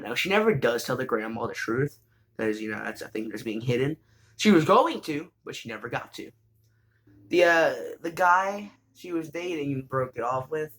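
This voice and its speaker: A man casually recapping an anime, rambling with lots of fillers and restarts and bursts of excitement. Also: medium pitch.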